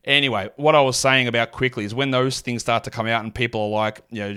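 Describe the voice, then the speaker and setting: A man from Australia with a mild Australian accent, hosting a solo fantasy basketball podcast and rattling off statistics with quick asides. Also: mid-range voice, fairly even intonation, pushed and bright, clean tone. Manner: rapid stat-heavy delivery with asides.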